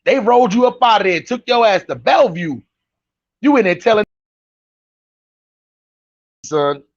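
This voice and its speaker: A high-pitched man hosts a podcast, mocking and incredulous as he reacts to clips in slangy street talk, laughing often. His voice is dry and close, with a dull, lo-fi sound. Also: lively intonation, a little slow, no room sound. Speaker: podcast host. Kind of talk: reaction commentary on live-stream clips.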